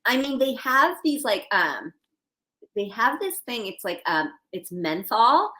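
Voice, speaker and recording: Bright-voiced chatty woman. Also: a little high, very animated, slow. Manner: chatty, candid, laughs often. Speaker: guest actress. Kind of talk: casual podcast chat.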